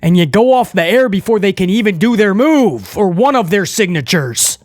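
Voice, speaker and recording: A man's voice: high-pitched, very animated, normal speed, few pauses, dry recording, clean studio sound. A man reviewing a wrestling show, ranting with frustration in an emphatic, opinionated way.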